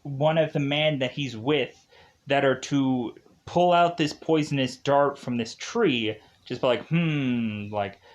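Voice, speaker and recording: A man's voice: medium pitch, measured pace. A man reviewing a film in a casual, rambling way. He fills gaps with "uh" and "of course" and chuckles at his own jokes.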